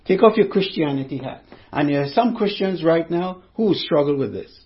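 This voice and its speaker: A man's voice: on the high side, animated, normal speed, highs cut off. A male preacher giving a sermon in a conversational way, repeating phrases and speaking directly to his listeners.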